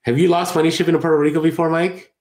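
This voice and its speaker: A man's voice: on the high side, level tone, rapid-fire, darkish tone, roomy sound. A man co-hosting a casual podcast chat, rambling and correcting himself as he goes. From Latin America. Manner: rambling, self-correcting, chatty. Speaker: podcast co-host. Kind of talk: casual chat about online selling.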